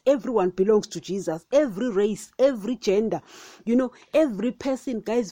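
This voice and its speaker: With a medium pitch and a dark tone, free of echo, this woman hosts a podcast as a casual Bible teacher. Her monologue wanders, filled with fillers and rhetorical questions, and she keeps calling out to listeners as "guys."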